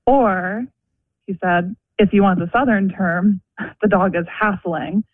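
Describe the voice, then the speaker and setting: A woman's voice: mid-range voice, dry recording. Young woman caller, talkative storyteller, heard over a tinny phone line. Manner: chatty, many "like" fillers, quick storytelling. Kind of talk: phone-in call. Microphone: telephone.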